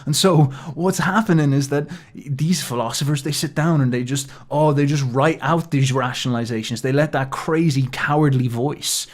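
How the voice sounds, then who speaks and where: A man giving a heated philosophy monologue. He swears freely, mocks others in sarcastic put-on asides, and keeps up a steady, animated flow. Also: a little high, normal speed, hardly any pauses. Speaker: philosophy commentator. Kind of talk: impassioned monologue.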